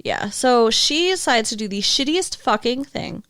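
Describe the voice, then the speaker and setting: A woman's voice: fairly high pitch, lively intonation, measured pace, fairly bright tone, dry recording, clean studio sound. A young adult woman co-hosting a podcast, chatting casually about a film, saying "like" a lot and laughing often. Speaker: podcast co-host. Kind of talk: casual chat recapping a film.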